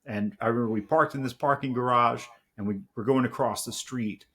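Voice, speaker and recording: A man's voice: mid-range voice, fairly even intonation, a little fast, bright, forceful tone, breathy edge. A middle-aged man, a podcast guest, telling heartfelt stories in casual chat with lots of fillers. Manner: reflective and heartfelt, with many fillers.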